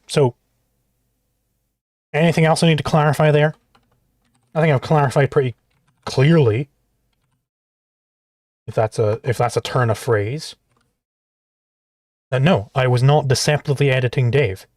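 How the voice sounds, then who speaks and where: A man's voice: mid-range voice, moderate pace, long pauses, a little mellow, dry recording, studio quality. A man hosting a livestream, reacting to clips in exasperated, profane commentary. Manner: exasperated, swears often.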